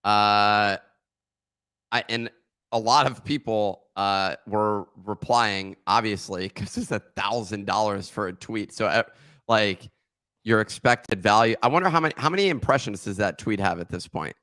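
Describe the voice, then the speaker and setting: A man co-hosting a casual podcast, talking haltingly with many restarts and fillers. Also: lowish voice, bright, forceful tone, no echo, studio quality. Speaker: podcast co-host.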